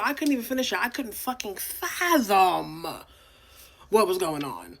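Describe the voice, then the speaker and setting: A woman's voice: mid-range voice, lively intonation, normal speed, slight background noise. A young woman from New York City co-hosting a podcast, ranting bluntly and profanely in casual reality-TV commentary. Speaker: podcast co-host.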